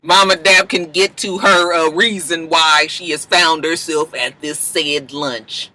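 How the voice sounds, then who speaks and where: A young woman casually recapping a TV episode in an animated, joking, profane way. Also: low voice, a little slow, few pauses. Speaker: TV show reviewer.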